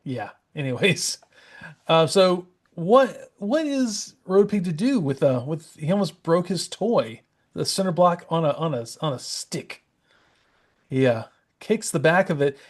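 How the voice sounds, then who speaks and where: A man's voice: on the high side, lively intonation, unhurried. A man co-hosting a podcast, chatting casually about a comic, rambling a bit and chuckling often. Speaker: podcast co-host. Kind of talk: casual comic-book chat.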